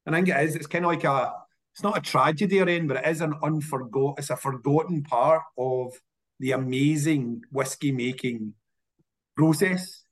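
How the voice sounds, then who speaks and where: A man's voice: fairly high pitch, moderate pace. Chatty Scottish man. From Scotland. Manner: animated, repeats words when restarting. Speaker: whisky industry guest. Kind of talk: casual interview storytelling.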